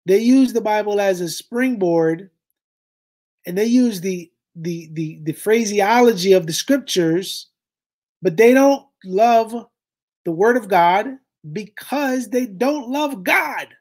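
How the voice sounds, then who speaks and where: A man's voice: sits high, animated, takes it slowly, a little mellow. A man hosts a reaction commentary in a fervent, preaching manner. He talks directly to his audience and pushes each point hard. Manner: impassioned, preachy, addresses listeners as "y'all". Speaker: commentary host.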